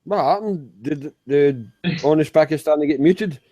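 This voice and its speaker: A man's voice: on the high side, normal speed, mellow, dry recording. A man in a voice chat teasing a friend and laughing often, in a casual tone. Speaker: voice chat participant.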